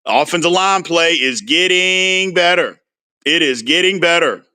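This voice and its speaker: Male sports-stream host with a bright voice, loose and animated, replying to viewers. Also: a little high, a little slow, clean tone. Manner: animated, answers viewer comments by name. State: frustrated. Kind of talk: casual livestream chat.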